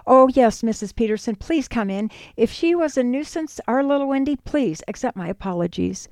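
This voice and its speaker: Woman doing grieving young mother, soft, subdued, storybook, dry. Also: a little high, animated, normal speed, no echo. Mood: sorrowful.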